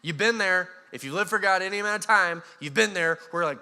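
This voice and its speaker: A man with an American accent preaching a sermon as pastor, animated and acting out voices with a touch of sarcasm. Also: high voice, fast talker, clean tone. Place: church hall. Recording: church hall reverb.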